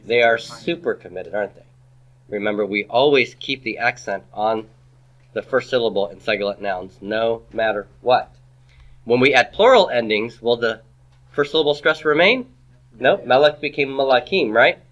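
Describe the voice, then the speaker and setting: A man's voice: medium pitch, moderate pace, fairly bright tone, lo-fi sound. A man teaching a classroom grammar lecture, quizzing his students with rhetorical questions and dropping playful asides.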